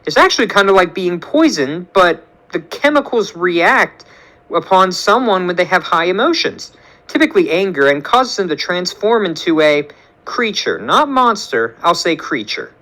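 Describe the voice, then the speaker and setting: A man voicing a cocky college-age genius who explains things smugly and fast. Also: high-pitched, sing-song, bright, forceful tone, voice pushed up, exaggerated voice, rough recording. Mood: lecturing. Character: cocky know-it-all college boy genius.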